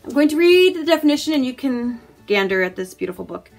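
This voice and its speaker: American lady doing a book box unboxing, kinda high voice, chatty and excited, faint music underneath. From United States. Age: adult, married. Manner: chatty and enthusiastic, quick asides, gasps at items. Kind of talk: casual unboxing chat.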